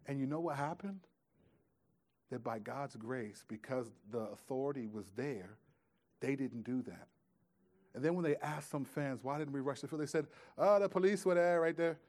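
A man preaching a sermon in a conversational way, swinging from loud, pressing emphasis to hushed, quiet asides. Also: medium pitch, moderate pace. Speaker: pastor.

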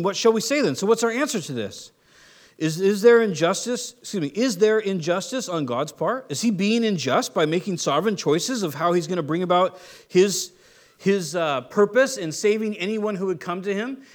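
A man preaching a sermon, teaching conversationally with rhetorical questions and restarts. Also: high voice. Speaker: pastor.

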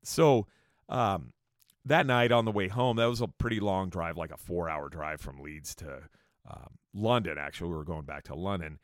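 Low-voiced man telling rambling, profane stories. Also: normal speed, no room sound, studio quality. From California. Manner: profane, rambling, joking asides. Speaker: musician telling tour stories. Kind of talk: casual storytelling monologue.

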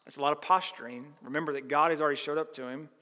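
A man's voice: a little high, steady tone, very fast, bright, forceful tone. A male pastor preaching a sermon, explaining scripture with an emphatic, earnest teaching tone. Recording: long reverb of a large hall.

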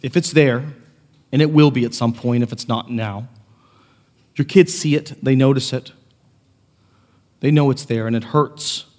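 A man preaching a sermon as pastor, earnest, moving between quiet reflection and raised, impassioned passages. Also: mid-range voice, steady tone, unhurried, pauses often, in a large hall. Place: church sanctuary.

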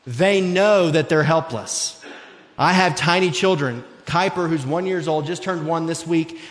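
A man in his thirties preaching an earnest, conversational sermon, his voice sitting a bit higher than most men's. He is heard in a church sanctuary with a long, roomy reverb trailing each phrase. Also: measured pace. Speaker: pastor. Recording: echoey hall.

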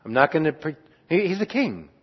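Earnest man preaching, slightly high voice. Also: sing-song, fairly quick, breathy edge. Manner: earnest, reflective, with restarts and soft trailing endings. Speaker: pastor. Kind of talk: sermon teaching on a psalm. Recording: dull lo-fi sound.

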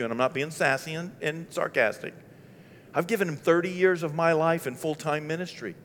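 A middle-aged man from Maine preaching in a conversational, animated storytelling style, acting out the dialogue as he goes. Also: on the high side, normal speed, in a large hall, slight background noise. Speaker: pastor. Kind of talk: storytelling sermon.

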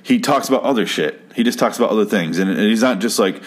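A man's voice: fairly low pitch, fairly quick, hardly any pauses. A man giving a casual, rambling recap of a TV episode, swearing freely and sounding exasperated. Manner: profane, exasperated, rambling with restarts. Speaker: show recap host. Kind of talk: casual ranting commentary.

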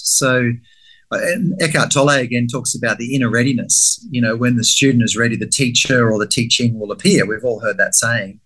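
A man's voice: medium pitch, a bit bright. Candid man telling a story. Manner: candid, profane, acts out his own inner voice. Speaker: guest. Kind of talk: conversational storytelling.

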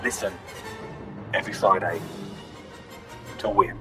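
A man's voice: deep voice, fairly even intonation, unhurried. A man voicing a male robot announcer, reading a promotional announcement in clipped tones. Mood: announcing. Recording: distant voice over loud music.

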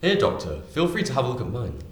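A man's voice: mid-range voice, huge pitch swings, fast talker. A man playing a polite, matter-of-fact patent office clerk in a comedy sketch. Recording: echoey room.

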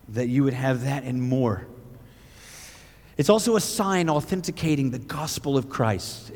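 Animated preacher man in a reverberant hall. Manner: animated storytelling, voice rising high when excited. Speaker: pastor. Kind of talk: sermon with personal testimony. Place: church hall. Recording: long church hall reverb.

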